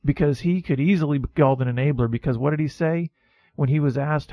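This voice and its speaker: A man's voice: on the high side, quick pace, warm tone, no echo. A man co-hosting a Christian talk show, speaking to listeners in a heartfelt, encouraging way. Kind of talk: faith-based conversation.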